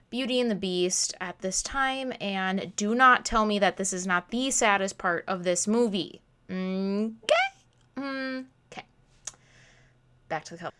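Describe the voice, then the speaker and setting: With a medium-pitched, fairly bright voice, a crafting vlogger in her twenties does a casual voice-over for her video. She gushes enthusiastically, pokes fun at herself, and sprinkles in plenty of "literally" and "oh my god."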